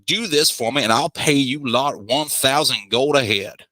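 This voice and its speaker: A man voicing a brusque, impatient wealthy businessman in a tabletop game, speaking in a gruff, dismissive way. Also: mid-range voice, moderate pace, bright, forceful tone, dry recording, pitched above the performer's own voice, natural voice.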